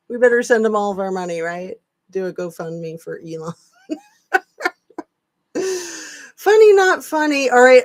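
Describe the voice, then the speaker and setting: A woman's voice: lowish voice, dry recording. A woman hosting a casual live-stream chat, chatty with sarcastic asides. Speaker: channel host.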